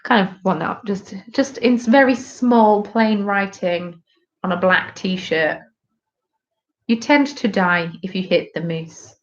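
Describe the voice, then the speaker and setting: A woman's voice: medium pitch, slow, muffled recording. A British woman in her twenties hosting a live craft stream, chatting casually and teasing herself while reacting to viewer comments.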